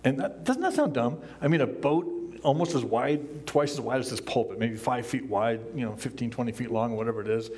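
An older man, a pastor, preaching a sermon from a church pulpit in a relaxed, conversational way, chuckling often and acting out the lines he quotes. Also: mid-range voice, fairly quick, hardly any pauses. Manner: acts out quoted lines in a raised voice.

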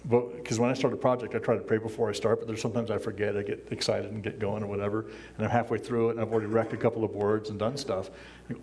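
A man's voice: fairly low pitch, steady tone, fast, a little hiss or hum. Older man preaching casually from a pulpit. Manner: casual, conversational preaching with frequent chuckles; acts out quoted lines in a raised voice. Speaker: pastor. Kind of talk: sermon. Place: church, speaking from a pulpit.

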